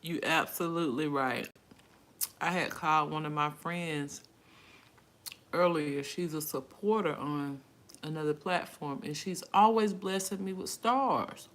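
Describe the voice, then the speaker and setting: A woman's voice: sits low, a little slow, a bit bright. A middle-aged woman hosting a casual live stream from her phone, reading viewers' comments aloud and answering them in an emotional, outspoken way.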